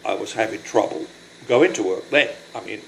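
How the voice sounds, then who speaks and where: Halting, emotional older man with gravelly voice. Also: on the low side, slight background noise, low-quality recording. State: breathless from lung illness. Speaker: vlogger. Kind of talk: personal video diary.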